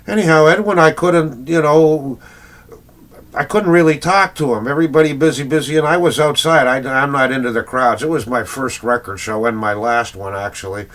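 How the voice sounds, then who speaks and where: A man's voice: medium pitch, fairly even intonation, moderate pace, a bit bright. Rambling Canadian man collecting records. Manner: rambling, many fillers, chuckles often. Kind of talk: rambling casual vlog.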